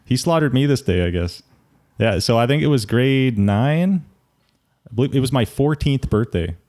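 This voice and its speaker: A young man chatting casually with a friend, telling a story with lively detail and frequent laughter. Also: mid-range voice, normal speed. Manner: animated storyteller, laughs often.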